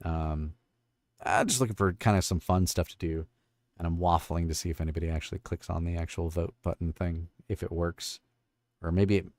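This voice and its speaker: A man's voice: low voice, gravelly, darkish tone, no room sound. A man hosting a casual livestream, rambling and thinking aloud as he fiddles with his stream tools. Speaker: livestream host and voice actor. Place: home studio.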